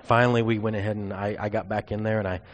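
A man's voice: fairly low pitch, little pitch movement, fast. Earnest man preaching a testimony. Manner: earnest, confessional storytelling. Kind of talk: sermon with personal testimony.

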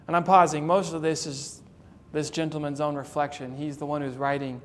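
A man preaching a sermon in an earnest, dramatic way, retelling a story and slowing down to stress his points. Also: on the high side, flat delivery, fairly bright tone, big-room sound.

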